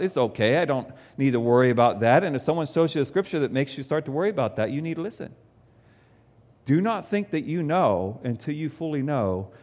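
A man preaching a sermon, reading scripture aloud and voicing imagined objections in an animated way. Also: on the high side, long reverb tail. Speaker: pastor.

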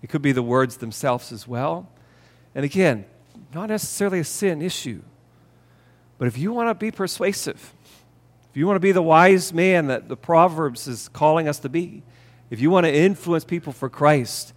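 A man with a slightly higher-than-usual voice preaches a sermon in an earnest, emphatic way, repeating key phrases to drive them home. His voice rings out with the long reverb of a church sanctuary. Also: lively intonation, moderate pace. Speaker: pastor. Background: hall reverb.

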